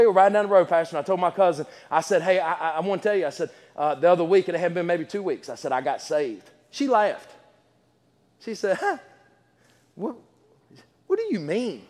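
A man preaching a sermon in a church, telling folksy stories with lots of stammered restarts. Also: high voice. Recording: reverberant church hall.

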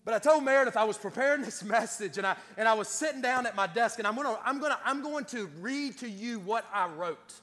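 High-voiced preacher in a hall. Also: male voice, quick pace, hardly any pauses, fairly bright tone. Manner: repetitive stammering restarts, rising to a preacher's cadence. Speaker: pastor. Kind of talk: sermon. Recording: long hall reverb.

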